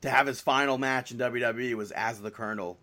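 A man's voice: medium pitch, steady tone, quick pace, sharp tone. A man co-hosting a podcast in casual chat, rambling and leaning on filler words as he talks. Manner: rambling, heavy use of "like". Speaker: podcast co-host.

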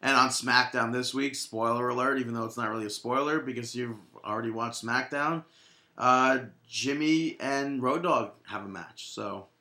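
A man co-hosting a casual wrestling chat, his voice bright and forceful. He teases his friend, cracks jokes and pushes back when he disagrees. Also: medium pitch, roomy sound. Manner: joking, teasing, quick to argue. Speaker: podcast co-host.

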